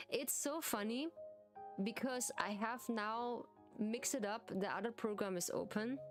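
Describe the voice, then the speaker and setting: A woman streamer with a German accent, a native German speaker chatting casually in English, giggly and halting, often repeating words. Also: mid-range voice. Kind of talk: casual live-stream chat.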